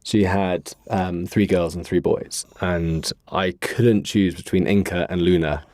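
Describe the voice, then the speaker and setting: Low-voiced man telling a rambling story. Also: steady tone, a little mellow, no echo. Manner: earnest, rambling, with many pauses and fillers. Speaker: podcast guest. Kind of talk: casual interview storytelling.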